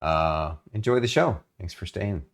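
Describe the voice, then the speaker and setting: A man's voice: deep voice, lively intonation, a little slow, creaky. Laid-back man running a tabletop game. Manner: laughing, stammering restarts. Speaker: game master. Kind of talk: casual live-stream chat.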